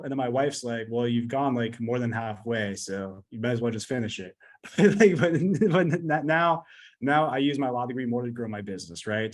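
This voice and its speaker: A man in his thirties, a podcast guest talking bluntly and profanely, rambling with lots of fillers. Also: mid-range voice. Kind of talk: casual podcast interview.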